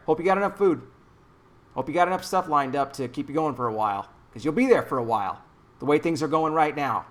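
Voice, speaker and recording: A man's voice: a little high, pushed and bright. A man ranting angrily and sarcastically into his own microphone in a preachy political commentary vlog.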